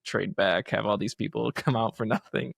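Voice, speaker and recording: Relaxed gravelly-voiced man. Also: lowish voice, moderate pace, no echo, studio quality. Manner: relaxed, filler-heavy, laughs a lot. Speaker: podcast guest. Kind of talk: casual chat.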